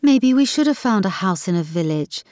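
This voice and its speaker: A woman voicing an eager, romantic wife who coaxes and pleads in a raised, lively voice. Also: mid-range voice, normal speed, no room sound, clean studio sound, natural voice. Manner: eager, pleading, bright-toned.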